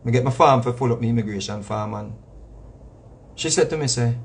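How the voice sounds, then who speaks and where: A man's voice: medium pitch, a little fast, gravelly, slightly rough. A man with a Jamaican accent, a reggae artist, talking in a casual monologue that repeats itself for emphasis. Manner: preachy, repetitive, emphatic with slang asides.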